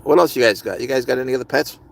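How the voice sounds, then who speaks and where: A man's voice: mid-range voice, rapid-fire, vocal fry, a little hiss or hum. A man hosting a live stream, chatting casually and rambling as he answers viewers' comments. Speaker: livestream host.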